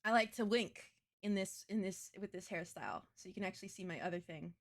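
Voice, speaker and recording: A woman's voice: medium pitch, fairly quick. Crude, blunt young woman streamer. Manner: crude, blunt, self-mocking. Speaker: VTuber streamer. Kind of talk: casual live-stream chat.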